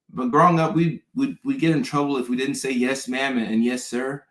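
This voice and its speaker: A man's voice: medium pitch, fairly even intonation, fast talker, hardly any pauses, fairly bright tone. Chatty man in an echoey room. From American South. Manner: chatty, storytelling, repeats words and restarts. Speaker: host. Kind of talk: casual chat.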